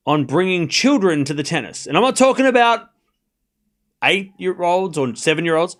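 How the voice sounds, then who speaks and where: A male streamer whose slightly high voice has a lively, bouncing delivery as he calls points and banters with chat. He hosts a live tennis watchalong, giving casual live commentary, and talks straight to his live chat with quick asides and restarts.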